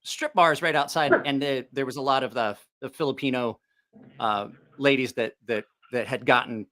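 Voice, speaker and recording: A man's voice: mid-range voice, normal speed, bright, forceful tone. A middle-aged man hosting a live stream, telling a rambling, profane story with lots of laughter. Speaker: livestream host.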